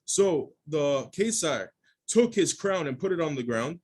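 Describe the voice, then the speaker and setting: A rabbi gives his daily Talmud lesson in a fairly high voice for a man. He reads the Aramaic text line by line and then explains it in plain English. He often stops and restarts as he searches for the right wording. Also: lively intonation, measured pace, darkish tone, breathy edge. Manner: explains phrase by phrase, with frequent restarts.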